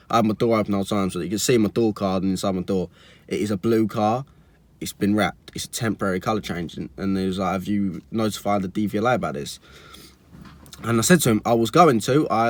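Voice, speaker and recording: A man's voice: fairly low pitch, no echo. A young man, chatty and exasperated, telling a storytime vlog full of likes and restarts. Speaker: car vlogger.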